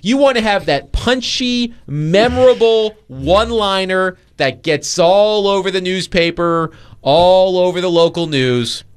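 A man hosting a casual sports talk show, animated and mocking, often laughing as he talks. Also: high voice, a little slow, clean tone.

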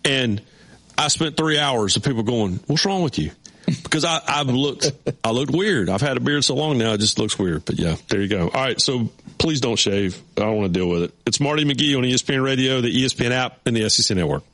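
A middle-aged man hosting a sports radio show, telling a story in a chatty, animated way. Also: mid-range voice, a little fast. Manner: animated, acts out voices in his stories. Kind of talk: casual storytelling.

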